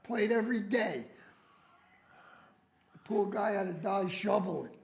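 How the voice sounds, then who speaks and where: High, gravelly man from Hoboken. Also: measured pace, roomy sound. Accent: New Jersey. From Hoboken, New Jersey. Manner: chatty, interjecting anecdotes. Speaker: guest. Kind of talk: reminiscing chat.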